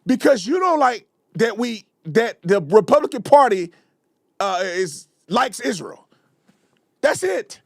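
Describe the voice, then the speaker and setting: A man hosting a live commentary show, delivering a fiery, repetitive rant that sometimes breaks into shouting. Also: very high-pitched, very animated, slow pace, creaky, no room sound, clean studio sound. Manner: fiery, ranting, repeats himself, shouts at times. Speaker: show host. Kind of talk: heated live political commentary.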